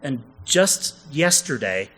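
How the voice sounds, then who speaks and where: Man on stage, bright voice, jokey conference talk, quizzes the crowd. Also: medium pitch, big pitch swings, takes it slowly, low-quality recording. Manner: jokey, chatty, asks the audience questions. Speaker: conference co-presenter. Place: conference session room.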